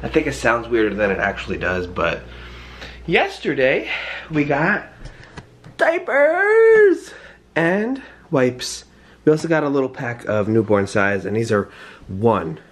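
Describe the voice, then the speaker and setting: A young man talks through a morning vlog at home in a hoarse, sick voice. His pitch swings widely as he rambles and stops to clear his throat, while faint background hum sits behind him. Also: sing-song, normal speed, a bit bright. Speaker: vlogger.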